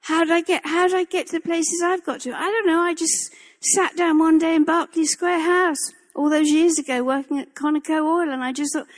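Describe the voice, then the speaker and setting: A woman's voice: very high-pitched, steady tone, brisk, few pauses, in a large hall. An older woman preaching a sermon in a church, impassioned and emphatic, repeating her phrases for weight.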